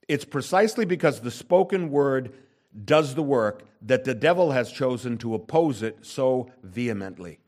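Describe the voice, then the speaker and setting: A man preaching a sermon, emphatic, with wide swings between loud and soft and frequent rhetorical questions to the congregation. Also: medium pitch, lively intonation, moderate pace. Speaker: pastor.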